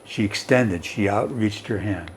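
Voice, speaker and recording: A man's voice: on the low side, a little slow, slight background noise. A male teacher reading and explaining a story, who keeps checking in with his students.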